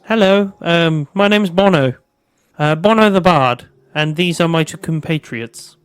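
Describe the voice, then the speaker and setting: A man playing a tabletop fantasy game with friends. His voice sits a little high, and he talks in a dry, matter-of-fact way. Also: unhurried, smooth, no echo, soft background music. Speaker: player. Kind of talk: tabletop role-play chat.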